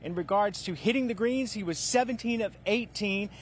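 A man reporting live from a golf course, reeling off stats briskly and trading dry jokes. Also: high voice, slight background noise. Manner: stat-heavy, brisk, dry joking. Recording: faint outdoor ambience.

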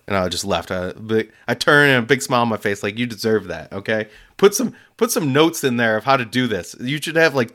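A man tells a story in casual chat, his voice moving from low mutters to sudden high bursts. He laughs often and plays the people in it with quick voices. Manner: animated, laughs often, acts out voices in quotes. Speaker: storyteller, delivery driver.

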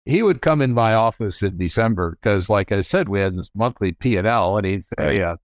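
A man's voice: fairly low pitch, animated, brisk, dry recording, studio quality. An older businessman, a podcast guest, telling frank, rambling stories about his family business and often restarting his sentences. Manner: rambling, self-correcting, frank. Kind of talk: candid storytelling.

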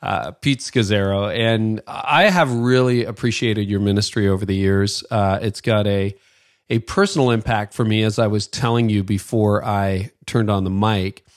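Man, Canadian accent, podcast host, enthusiastic, low voice, dry sound. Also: dry recording. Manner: enthusiastic, conversational. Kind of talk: ad reads and interview.

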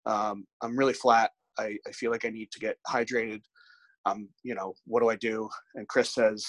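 A man with a fairly low pitch and moderate pace, a bodybuilding coach, swaps candid, profanity-laced stories in a relaxed podcast chat, acting out what people said. There's no room sound, and the recording is low-quality.

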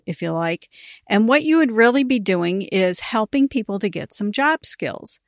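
A middle-aged woman tells a story on her ministry podcast, animated and quick to laugh. Her voice sits at an ordinary middle pitch, recorded dry and close to the mic. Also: no room sound. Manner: animated, laughs while telling stories. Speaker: podcast host, ministry coach. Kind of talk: casual storytelling monologue.

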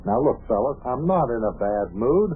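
A man's voice: medium pitch, very animated, moderate pace, breathy edge. An actor playing a flustered bedridden young man protesting to his visitors, on an old radio show. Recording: tinny old radio broadcast with faint hiss.

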